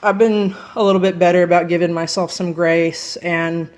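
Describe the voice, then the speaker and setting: Laid-back woman, flat even voice. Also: on the low side, moderate pace. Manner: candid, laid-back, swears freely. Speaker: metal band vocalist, guest. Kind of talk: casual interview chat.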